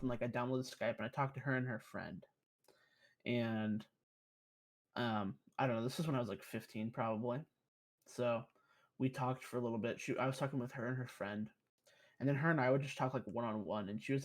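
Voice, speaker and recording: Young guy on a podcast telling a rambling story, swears a lot. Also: mid-range voice. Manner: profane, rambling, animated storyteller. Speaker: podcast guest. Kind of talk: casual storytelling chat.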